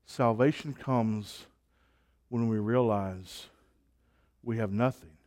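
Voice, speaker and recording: Man preaching real slow, repeats his lines, ends go soft and quiet. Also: on the low side. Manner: slow, rhythmic preaching with repeated phrases and soft trailing endings. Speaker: pastor. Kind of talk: sermon and closing prayer.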